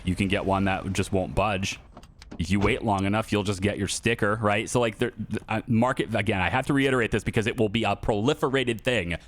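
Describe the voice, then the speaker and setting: A man's voice: on the low side, fairly even intonation, brisk. A middle-aged man giving casual, chatty commentary over a car dealing game, repeating his points and laughing easily. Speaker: gaming YouTuber.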